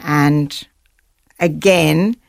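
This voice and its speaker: Woman, heavy vocal fry, earnest vivid storyteller, interview guest, dry studio sound. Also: sits low, fairly even intonation, extremely slow, no echo. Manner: vivid, earnest storytelling with quoted inner thoughts. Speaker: guest, author recounting survival at sea.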